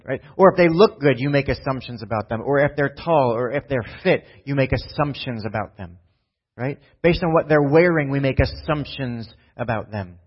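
A man's voice: medium pitch, fairly quick, slightly rough. A male pastor giving a conversational sermon, often asking "right?" and acting out scenes from the text in voices. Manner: animated, often asks "right?" and acts out Bible scenes in voices. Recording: dull lo-fi sound.

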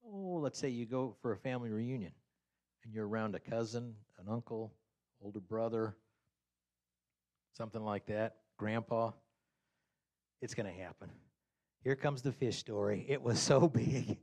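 A man giving a casual, humorous sermon, animated and often chuckling, acting out quotes with sudden high pitch jumps. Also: normal speed, pauses often.

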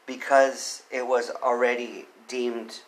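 A man giving spoken commentary on a legal case, earnest, reading quotes quickly and pressing his points with emphasis. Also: mid-range voice, flat delivery, poor audio. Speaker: commentator on court cases.

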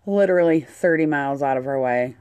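A woman telling a story in casual chat, animated and swearing freely. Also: deep voice, fairly quick, clean tone, no echo. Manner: animated, swears a lot, acts out quotes.

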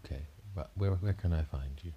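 A man's voice: sits low, fairly quick, highs cut off, noisy background, lightly acted. A man voicing an earnest, polite police inspector in a told story. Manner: polite, businesslike, slightly confused. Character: earnest male police inspector, middle-aged.

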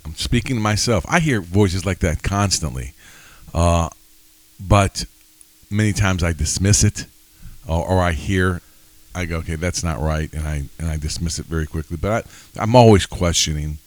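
A man's voice: low voice, moderate pace, dry recording. A man co-hosting a casual faith podcast, rambling and self-questioning with a joking edge. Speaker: podcast co-host.

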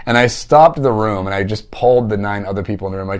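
A man's voice: medium pitch, expressive, a little fast. A man mentoring listeners in a casual teaching talk, conversational, often tagging thoughts with "like" and "right?". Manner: conversational, frequent "like" and "right?" tags.

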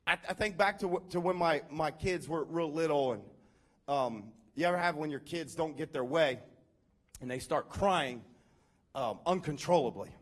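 A male pastor preaching a sermon in a conversational, animated way, calling out questions to his congregation. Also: a little high, normal speed.

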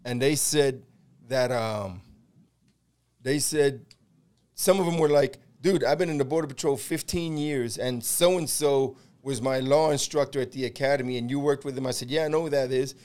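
A man's voice: medium pitch, moderate pace, darkish tone, smooth. A middle-aged American man hosting a podcast, telling a long story in casual chat, acting out the quotes, swearing and laughing along. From United States. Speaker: podcast host.

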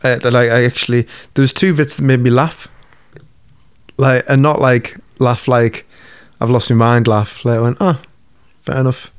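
A man with a smooth, clear voice talks loosely in a casual podcast chat. He swears freely and laughs easily as he rambles. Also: medium pitch, fairly even intonation, normal speed, no echo, clean studio sound. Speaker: podcast co-host.

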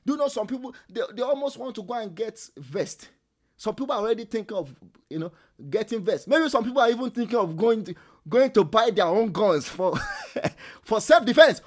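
A man leading a prayer meeting sermon, emphatic and repetitive, swinging between soft and loud, at times speaking in tongues. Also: sits high, lively intonation, a little fast. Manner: speaks in tongues while praying. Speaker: prayer leader.

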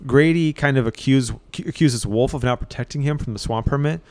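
A man casually telling a spooky story as co-host, relaxed and halting with fillers. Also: medium pitch, no room sound.

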